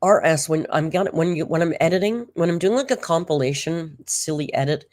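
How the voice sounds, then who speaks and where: An exasperated, sarcastic reaction commentator talking casually over old footage. The voice sits in a middle pitch, and the delivery is loose and conversational. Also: fairly quick, a little mellow, no echo. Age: older than the clip's audience.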